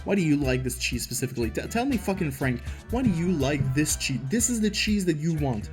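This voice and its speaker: A man's voice: a little high, big pitch swings, fairly quick, soft background music. A man giving comedic reaction commentary, ranting sarcastically and swearing freely. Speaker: reaction video host.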